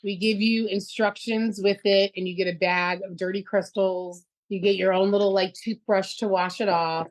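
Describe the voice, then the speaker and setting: A woman at an ordinary middle pitch chats as a guest in an interview. She runs her stories together with plenty of fillers, sounding lively and open. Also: normal speed, few pauses, poor audio. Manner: lively, storytelling with many "like" and "you know". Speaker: co-founder, guest. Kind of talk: casual interview chat.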